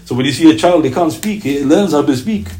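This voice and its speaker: Male lecturer, fairly high voice, lively storyteller who acts out quotes, sermon delivery. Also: fairly quick, poor audio. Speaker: Islamic teacher. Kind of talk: religious lecture.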